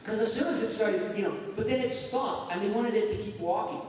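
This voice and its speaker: A man's voice: high voice, brisk. A man who is a guest at a fan convention, telling a funny anecdote to an audience, laughing often and talking loosely with lots of fillers. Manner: animated, laughing often, lots of "like" and "you know". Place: large convention hall. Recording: echoey hall miked from far off, loud crowd.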